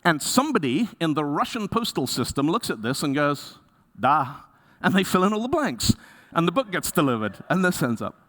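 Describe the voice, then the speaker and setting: A man giving a conference talk, telling stories in a lively way and acting out the people he quotes. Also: a little high, fairly quick. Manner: lively storyteller, acts out quoted voices. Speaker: conference speaker. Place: conference stage.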